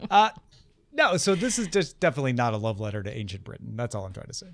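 A man's voice: mid-range voice, darkish tone, slight background noise. A man co-hosting a casual book discussion over a video call, eager and enthusiastic. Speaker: podcast co-host.

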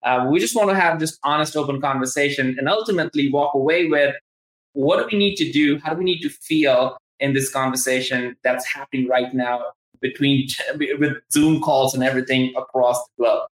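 Excitable man with a Southern accent, echoey room. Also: medium pitch, moderate pace. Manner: enthusiastic, rambling, many restarts and fillers. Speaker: podcast host. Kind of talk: casual live-stream interview. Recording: roomy, echoey room sound.

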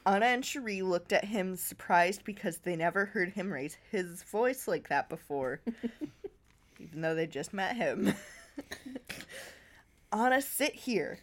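A woman reading a story aloud for laughs, stumbling over words and breaking into laughter. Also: fairly low pitch. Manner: reads haltingly, breaking into laughter. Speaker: reader.

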